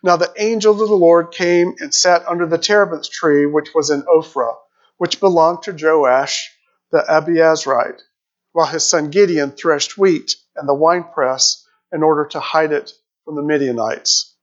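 A man's voice: a little high, moderate pace. Man preaching a sermon, lo-fi. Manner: reads scripture aloud, asks the listeners questions. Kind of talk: sermon with scripture reading. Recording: dull lo-fi recording.

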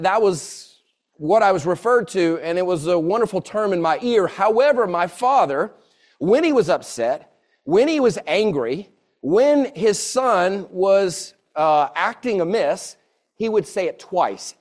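A man preaching a sermon, earnest and repeating phrases for emphasis. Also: fairly high pitch. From Southern United States. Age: 40s.

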